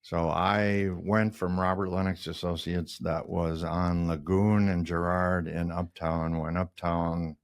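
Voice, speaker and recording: A man's voice: sits low, level tone, takes it slowly, hardly any pauses, clear, resonant tone. A man in his sixties from the Minneapolis area, a designer guest telling rambling anecdotes in a casual interview. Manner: rambling anecdotes with laughs and mimicked voices.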